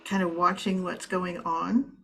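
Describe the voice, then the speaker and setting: A woman player describing her character's actions in a relaxed, halting way. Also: on the low side, creaky, poor audio.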